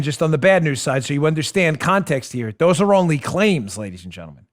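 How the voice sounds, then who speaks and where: Brief: male talk host, fairly high pitch, emphatic monologue, swings from hushed to raised, speaks right to the audience. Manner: addresses listeners directly. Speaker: political talk show host.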